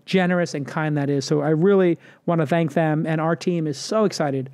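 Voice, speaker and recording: A man's voice: fairly high pitch, fairly even intonation, brisk, darkish tone. A man hosting a casual roundtable show, talking in an upbeat, promotional way and cracking jokes. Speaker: podcast host.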